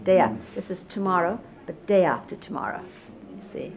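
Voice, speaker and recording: With a lowish voice, vocal fry, and big pitch swings, a middle-aged woman speaks at normal speed about the spiritual teacher she followed. She tells it casually, with many fillers, describing hand gestures on dull 1970s videotape with faint hiss.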